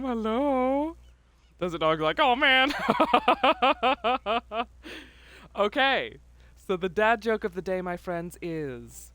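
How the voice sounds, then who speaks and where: A woman's voice: fairly low pitch, a bit bright, dry recording. A woman streaming live who chats casually, laughs often and reads viewers' messages aloud. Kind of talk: casual livestream chat.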